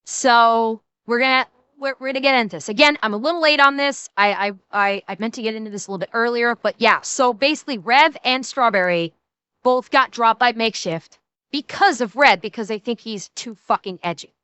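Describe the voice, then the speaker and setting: A woman's voice: fairly high pitch, fairly quick, bright, forceful tone, clear, resonant tone, no room sound. A woman streamer giving casual reaction commentary, blunt and profane, often restarting her sentences.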